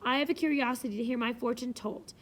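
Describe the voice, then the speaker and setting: A woman's voice: fairly high pitch, quick pace, lightly acted. A woman reading aloud, voicing a haughty young society lady with an imperious, commanding delivery.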